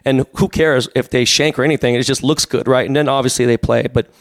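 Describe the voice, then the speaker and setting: A man's voice: medium pitch, fairly even intonation, dry recording, studio quality. A man in his forties, a podcast guest, telling rambling stories full of fillers. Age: 40s. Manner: fast, rambling storytelling with many fillers. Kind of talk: casual podcast chat.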